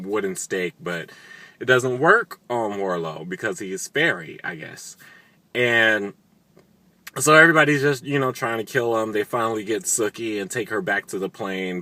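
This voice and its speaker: A sarcastic man rattles through a TV recap, swearing freely. His voice is slightly low but bright and forward. It is recorded close with a very dry sound. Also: no echo. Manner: chatty, profane, sarcastic. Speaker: video recap host. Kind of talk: casual TV recap.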